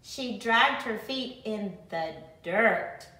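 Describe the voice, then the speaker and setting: A slow, expressive woman reading a picture book aloud. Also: mid-range voice. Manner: slow, expressive, with pauses and questions. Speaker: teacher. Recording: roomy, from a distance.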